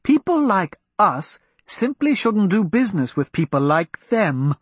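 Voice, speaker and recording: A proper noblewoman, frightened and worried, speaks in a raised, anxious voice, as a male narrator puts her on. The tone is husky and shifts up and down. The sound is close and dry. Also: high-pitched, very animated, a little slow, dry recording, pitched above the performer's own voice, exaggerated voice.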